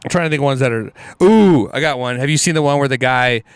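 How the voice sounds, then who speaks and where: A man, a comedian guest on a podcast, telling casual stories in an animated, rambling way with lots of fillers and restarts. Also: mid-range voice, fast talker, smooth, dry recording.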